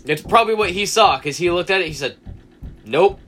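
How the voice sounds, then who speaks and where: A man's voice: sits high, fairly quick, a little hiss or hum. A young man co-hosting a podcast, telling a long story in casual chat, acting out the quoted lines and swearing freely. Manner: animated anecdote teller, acts out quotes, swears often. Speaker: podcast co-host.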